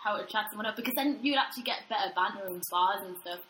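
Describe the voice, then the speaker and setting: A woman's voice: medium pitch, quick pace, a bit bright. A young woman co-hosting a podcast, teasing and swearing in casual, giggly chat. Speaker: podcast co-host. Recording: echoey room, background noise.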